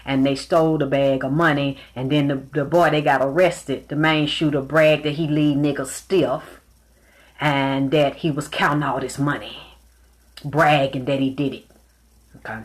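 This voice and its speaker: A woman's voice: deep voice, normal speed. Blunt, profane woman spiritual reader. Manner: blunt, profane, animated storytelling. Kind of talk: casual monologue.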